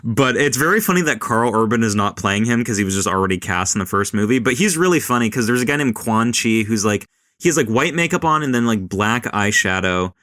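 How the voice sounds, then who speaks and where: A fairly low-pitched, animated man hosts a casual film and culture podcast, speaking fairly quickly with a bit of brightness. The studio sound is clean, without echo, and he rambles through the chat, swearing heavily and imitating voices.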